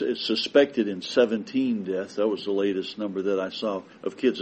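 A man preaching a sermon with emphatic delivery that builds to forceful declarations. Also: on the low side, a little hiss or hum, low-quality recording.

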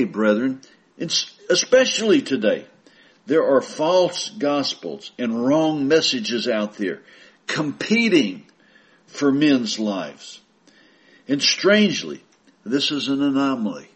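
A man preaching a sermon, reading scripture aloud and explaining it with slow, emphatic delivery that rises on the quoted verses. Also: mid-range voice, slightly rough.

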